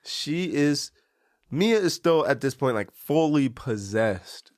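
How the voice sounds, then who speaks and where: A man's voice: a little high, animated, slow, no echo, studio quality. A young man guesting on a casual movie review chat, reacting with enthusiastic, slangy jokes. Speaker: podcast guest.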